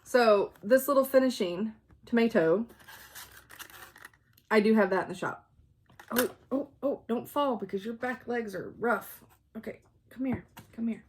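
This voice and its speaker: A woman's voice: a little high, measured pace, pauses often, darkish tone, breathy edge. A woman hosting a casual show-and-tell chat about stitching, laughing often and stopping to talk to her dogs. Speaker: flosstube host.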